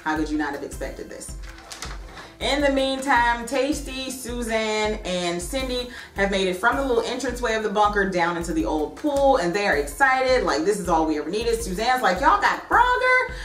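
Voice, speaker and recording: A woman's voice: mid-range voice, moderate pace, soft background music. Chatty woman vlogger in an echoey room. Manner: chatty, animated retelling with "um" and "like". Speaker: TV recap vlogger. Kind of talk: casual TV recap.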